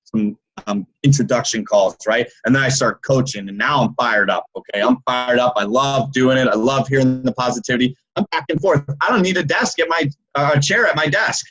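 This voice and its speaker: Energetic male business coach on a video call, loud storyteller with a habit of checking in. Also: medium pitch, fairly quick, hardly any pauses, poor audio. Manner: energetic storytelling with many "right?" and "okay?"; loud and animated, by his own account. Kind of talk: motivational talk on a video call.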